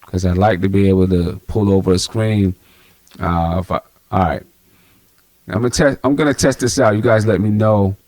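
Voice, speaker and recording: Low-voiced man hosting a fan livestream. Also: normal speed, a little mellow, no room sound. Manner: chatty, addresses viewers directly. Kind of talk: live postgame basketball talk.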